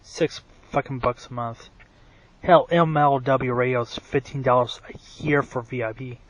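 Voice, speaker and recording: A man's voice: medium pitch, fairly even intonation, unhurried, dry recording, poor audio. A man ranting in a rambling, profane monologue, full of fillers and restarts, who says his own voice is bad. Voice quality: self-described bad voice. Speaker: wrestling commentary vlogger.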